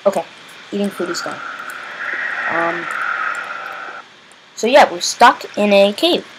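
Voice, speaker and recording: A man giving rambling, chatty video game commentary as a channel host, breaking into exasperated yelling when things go wrong. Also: sits high, lively intonation, takes it slowly, noisy background.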